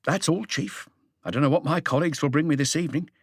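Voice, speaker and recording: A man's voice: on the high side, fast talker, slightly rough, no echo, clean studio sound, pitched above the performer's own voice. A man voicing an eager, chatty police inspector reporting to his chief.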